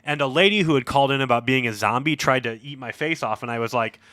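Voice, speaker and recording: A man in his forties co-hosting a board game podcast, rambling through a story with plenty of "like" and "you know". His voice is bright and sits in a middle pitch. The sound is close and dry. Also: fast, no echo. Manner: rambling storyteller with many fillers. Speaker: podcast co-host. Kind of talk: casual chat.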